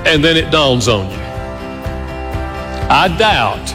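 A man's voice: fairly high pitch, very animated, slow pace. A man giving a short radio advice segment in a conversational, storytelling manner. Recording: music bed underneath.

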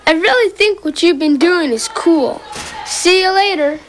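A woman's voice: very high voice, a little slow, a little hiss or hum, rough recording. A woman voicing a cheerful, loyal schoolboy friend in a cartoon, upbeat and easygoing.

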